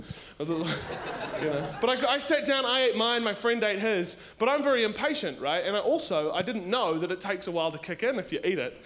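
High-voiced young New comedian. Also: male voice, a little fast, background noise. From New Zealand. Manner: animated, laughing storytelling. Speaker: stand-up comedian. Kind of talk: stand-up comedy set. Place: live comedy stage.

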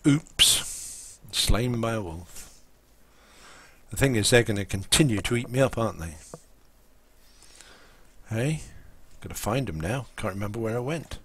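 A man's voice: fairly low pitch, animated, measured pace, pauses often, a bit bright, slightly rough. A man chatting casually and rambling while he plays a game on a live stream. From England. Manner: rambling, full of ums and restarts.

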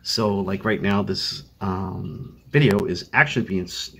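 A low, slightly slow voice with creak, a pushed bright quality, and a breathy edge carries this casual home video update. The speaker, an older Boston-accented vlogger with chronic illness, uses his phone as a webcam and meanders wearily, full of fillers and restarts.

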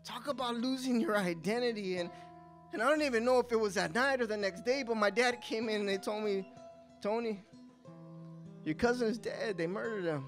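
A young man giving a live spoken testimony at a coffee house, telling his story with strong emotion, his voice climbing in tense moments and sinking low in sad ones. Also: a little fast, a bit bright, soft background music.

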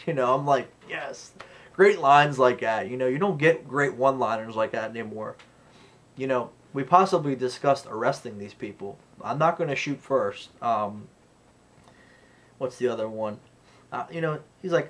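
A man giving a casual spoken movie review, rambling with many fillers and getting animated when he quotes lines. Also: mid-range voice, measured pace, long pauses.

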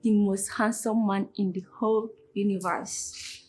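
A woman's voice: medium pitch, steady tone, unhurried, a little mellow. A woman in a comedy skit, speaking sweetly to her partner. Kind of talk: Nollywood comedy skit acting.

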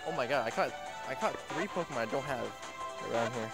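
An excitable man talks casually into a phone as he walks outdoors, cursing freely. His voice sits at an ordinary pitch. Loud music plays behind him. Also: fast talker. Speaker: vlogger. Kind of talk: casual gameplay commentary while walking. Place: outdoors walking around town.

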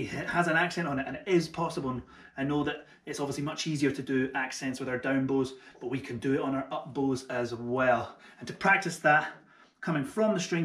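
A man teaching a double bass lesson online, who explains each step in an encouraging way and makes light jokes at his own expense. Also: brisk, fairly bright tone, roomy sound, soft background music. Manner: friendly and encouraging, with light self-mocking jokes. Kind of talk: online music tutorial.

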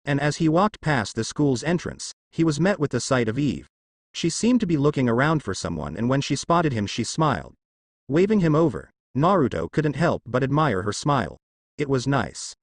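A man narrates a fan fiction story in a casual, lightly wry manner. His pitch sits in a middle range but moves a lot. The sound is close and dry. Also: very animated, moderate pace, no room sound.

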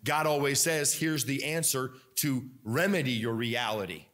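A man preaching a sermon as pastor. He talks in a conversational, animated way, with many fillers and restarts. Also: mid-range voice, normal speed.

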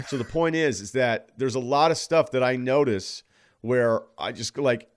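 A man's voice: mid-range voice, normal speed, clean tone. A man appearing as a podcast guest, talking in a wry, rambling way and correcting himself as he goes. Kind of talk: casual chat.

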